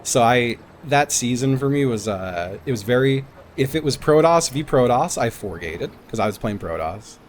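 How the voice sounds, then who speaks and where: A man's voice: mid-range voice, lively intonation, normal speed, slight background noise. A man streaming a game, chatting casually, laughing and swearing as he reminisces. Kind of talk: casual gaming chat.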